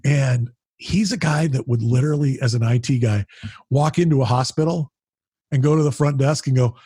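A man being interviewed as a podcast guest, telling animated, rambling stories with frequent restarts and the odd swear. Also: mid-range voice, moderate pace, slightly rough, no room sound, studio quality. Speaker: podcast guest, founder of a business mastermind group. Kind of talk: casual storytelling conversation.

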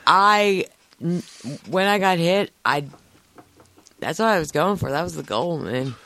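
A woman's voice: on the low side, expressive, a little slow, fairly bright tone. A woman co-hosting a podcast, talking in blunt, profane casual chat. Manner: blunt, profane, half-laughing.

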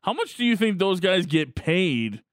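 A man co-hosting a sports radio show, asking relaxed, joking questions in casual chat. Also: high-pitched, a little slow, no room sound, clean studio sound.

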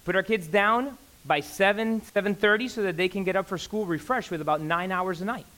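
A man in his thirties preaching a sermon in church, emphatic and excitable, repeating phrases for effect. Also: high voice, fairly quick. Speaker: pastor. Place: church sanctuary.

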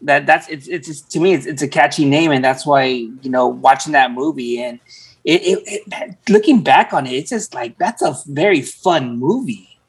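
A man co-hosting a casual podcast, halting and repeating words as he talks. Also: fairly high pitch, animated, breathy edge. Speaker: podcast co-host. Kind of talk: casual chat.

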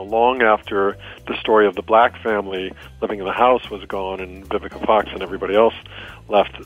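Brief: very deep male commentator, dull sound, faint music underneath. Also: slightly rough. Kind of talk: retrospective commentary.

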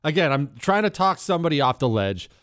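A man's voice: on the high side, sing-song, fairly quick, fairly bright tone, smooth, no echo, clean studio sound. A man hosting a talk radio show, delivering an emphatic monologue full of rhetorical questions. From Texas.

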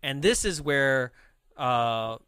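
A man's voice: medium pitch, animated, slow pace, a bit bright, clear, resonant tone, no echo, clean studio sound. A man in casual conversation, reviewing a film with lots of "like" and "right?", rambling along.

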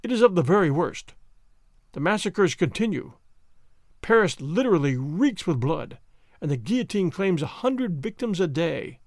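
Grave elderly diplomat, read by a man, lively pitch, dry close sound. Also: no room sound. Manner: sad, measured. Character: old grave male diplomat.

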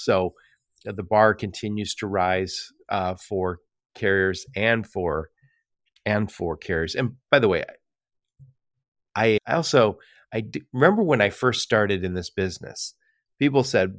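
A male podcast host with a lowish voice talks in a chatty, storytelling way. He acts out quoted back-and-forths and laughs often, recorded dry and close. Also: a little slow, fairly bright tone, no room sound. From Michigan. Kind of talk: casual podcast conversation.

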